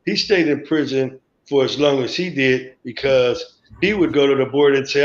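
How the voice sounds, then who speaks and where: A male guest on a live stream tells a rambling story from memory, acting out other people's dialogue along the way. His voice is mid-range at normal speed. The stream audio is echoey, dull and lo-fi.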